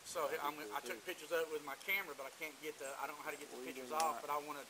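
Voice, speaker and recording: A man's voice: fairly high pitch, steady tone, very fast, a loud crowd. A man at a family gathering, telling a rambling story in casual chat, picked up by a home camcorder. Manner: rambling, repeats himself.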